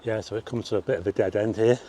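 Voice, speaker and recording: A man's voice: on the low side, steady tone, quick pace, warm tone, slight background noise. An older man chatting to viewers as he drives and climbs a hill, exclaiming and getting out of breath. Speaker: walking vlogger. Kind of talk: casual vlog narration. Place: outdoors, driving then hillside walk.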